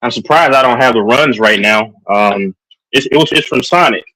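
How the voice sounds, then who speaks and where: A Texan man hosts a live stream on a sugar rush, chatting in a hyper, rambling way packed with fillers. His mid-range voice moves at a moderate pace and sounds pushed and bright, captured on a rough recording.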